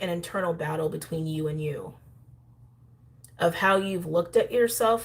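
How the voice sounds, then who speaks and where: Chatty woman giving a tarot reading. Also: lowish voice. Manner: chatty, animated, talks straight to viewers. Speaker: astrology and tarot reader. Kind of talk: intuitive tarot reading to camera.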